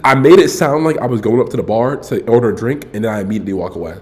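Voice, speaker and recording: A man's voice: medium pitch, racing, a little mellow. A young man streaming live, telling a story in a loose, candid way and saying "bro" and "like" a lot.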